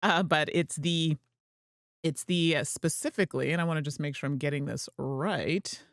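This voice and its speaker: A woman's voice: low voice, normal speed, no echo, studio quality. A woman hosting a gameplay livestream, chatting in a rambling way and laughing easily. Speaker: host and streamer. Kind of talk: casual gameplay livestream chat.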